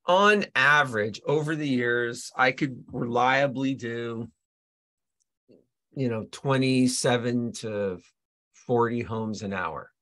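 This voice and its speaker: A man being interviewed as a real estate agent and coach, telling stories in a lively, casual way with many restarts. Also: medium pitch, takes it slowly. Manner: animated storyteller, trailing restarts. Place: Colorado.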